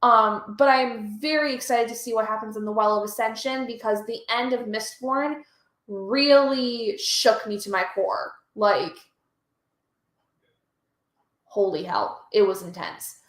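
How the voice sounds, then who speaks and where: A woman's voice: on the high side, measured pace, fairly bright tone, roomy sound. A woman hosting a reading stream, chatting casually and reading out chat messages, easily moved. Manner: chatty, emotional, reads chat aloud. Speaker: livestream host.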